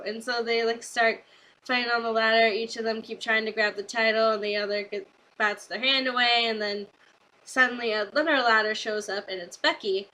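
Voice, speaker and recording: A young woman chats through a wrestling event recap in a casual vlog, her bright, slightly high voice tumbling along with filler words. She gushes and rambles as she retells the matches. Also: poor audio. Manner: gushing, rambling with many fillers. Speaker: wrestling fan vlogger. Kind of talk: casual excited review.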